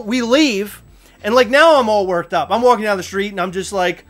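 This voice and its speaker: High-voiced, bright man telling a story. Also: fairly quick. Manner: animated, loud outbursts while retelling a story. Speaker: podcast host. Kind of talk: casual storytelling chat.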